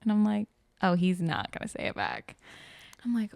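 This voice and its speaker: A woman's voice: mid-range voice, normal speed, creaky, darkish tone, no echo. A young woman chatting on a podcast, telling a story with animation and acting out the quotes. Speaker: guest host. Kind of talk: casual podcast chat.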